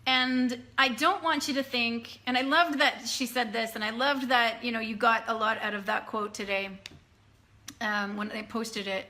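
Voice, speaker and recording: Chatty female business coach, bright and fairly high, loose live-stream delivery. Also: steady tone, normal speed. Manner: chatty, greets viewers by name, loose restarts. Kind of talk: casual live-stream chat to followers. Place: dim room at night.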